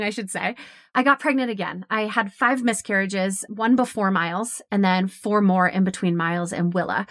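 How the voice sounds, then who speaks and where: A woman in her thirties tells her own story on a podcast at a medium pitch, and her delivery is lively and full of quick laughs. She acts out the lines she quotes from other people. The sound is dry and close, with no room around it. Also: dry recording. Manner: animated, laughs often, acts out quoted dialogue. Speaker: podcast host. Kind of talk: personal storytelling monologue.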